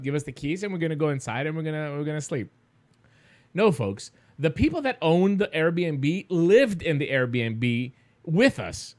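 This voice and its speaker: A man with a Greek accent, co-hosting a show and telling a travel story in a lively, laughing way. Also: fairly high pitch. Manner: animated, laughs often. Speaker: co-host. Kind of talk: casual storytelling chat. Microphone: desk mic set a little far back.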